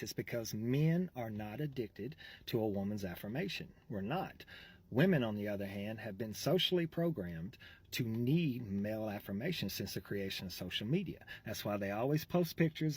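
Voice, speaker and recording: A man's voice: fairly low pitch, darkish tone, breathy edge. A man in his forties giving dating advice to the camera in a brash, lecturing way. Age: 40s.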